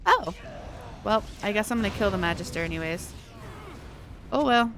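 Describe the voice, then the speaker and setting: A woman's voice: medium pitch, expressive, moderate pace, fairly bright tone, slight background noise. A woman streaming a game live, chatting casually with her viewers and often giggling. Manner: chatty, giggly, answers chat.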